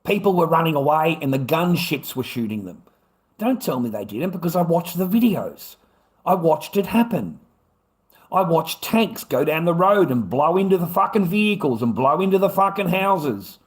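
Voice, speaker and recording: A man's voice: on the high side, sing-song, normal speed. A man with an Australian accent, ranting angrily and profanely at an unseen opponent on his livestream. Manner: angry, profane, lecturing.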